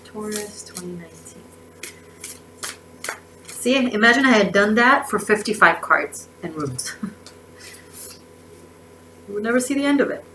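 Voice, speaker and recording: A woman's voice: mid-range voice, expressive, moderate pace, long pauses, sharp tone, slight background noise, poor audio. A woman giving a casual tarot reading, effusive and emotional, often restarting her words. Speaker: tarot reader.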